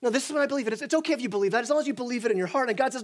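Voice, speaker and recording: High-voiced, animated man preaching. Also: very fast. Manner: animated, repeats words when starting sentences, acts out voices. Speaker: pastor. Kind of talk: sermon. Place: church sanctuary.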